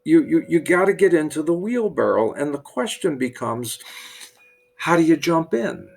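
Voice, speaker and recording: A man's voice: a little high, expressive, normal speed, gravelly. A middle-aged man, a priest, telling a parable and drawing a lesson from it, with many restarts and repeated words. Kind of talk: storytelling with a sermon-like lesson.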